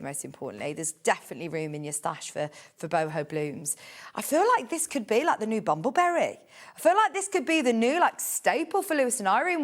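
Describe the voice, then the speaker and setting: A woman presenting a live TV shopping show, gushing and chatty with enthusiasm. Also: medium pitch.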